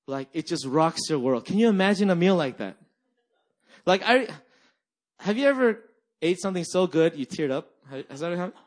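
A young male pastor delivers a sermon in a slightly high voice. He talks in a loose, animated way, leaning on "right?" and "like" to pull the congregation along. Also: brisk. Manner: animated storytelling, frequent "right?" and "like".

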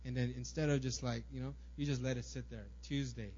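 A man's voice: medium pitch, fairly even intonation, fast talker, few pauses, lo-fi sound. A man preaching a sermon in a casual, conversational way, often tagging "right?" and muttering little acted quotes. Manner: acts out small everyday quotes in muttering asides. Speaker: pastor.

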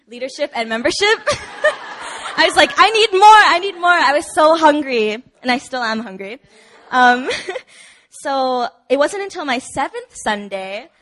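A woman's voice: fairly high pitch, fairly bright tone. A woman sharing her personal testimony at a church service in a chatty way, with many fillers and frequent laughs. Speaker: church member giving testimony.

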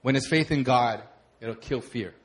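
A young adult man preaching a sermon, talking conversationally, with animated storytelling and laughter. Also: medium pitch, normal speed. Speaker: pastor.

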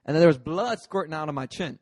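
A man, a pastor, preaching a sermon through a lively personal story, acting out the scenes. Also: on the high side, fast, no echo. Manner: lively, acts out scenes with shifting voices.

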